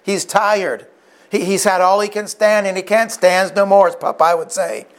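A man's voice: high-pitched, fairly even intonation, normal speed. A man preaching a sermon, retelling a story vividly with frequent restarts and asides.

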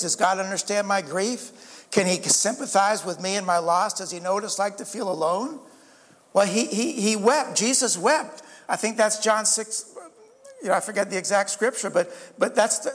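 A man delivers an earnest sermon in a high register, asking the congregation question after question and calling for amens. His voice rings with the long reverb of a large hall. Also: fairly bright tone. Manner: earnest preaching with rhetorical questions and call-outs of amen. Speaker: pastor.

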